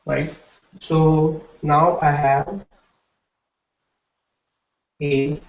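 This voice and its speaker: A man gives a classroom lecture, explaining step by step and checking in with his students as he goes. His pace is slow and deliberate, and his voice sits slightly high. The recording is dull and lo-fi, with a roomy echo from the classroom. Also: fairly even intonation, vocal fry. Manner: explanatory, checks in with frequent "right?". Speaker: Hindi teacher. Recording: echoey room, dull lo-fi sound.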